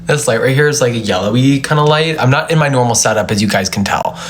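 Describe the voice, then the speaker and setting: Streaming live from home on his phone, a man chats casually and rambles, frequently laughing. He has a mid-range voice and talks at a quick pace, with a little hiss or hum in the audio.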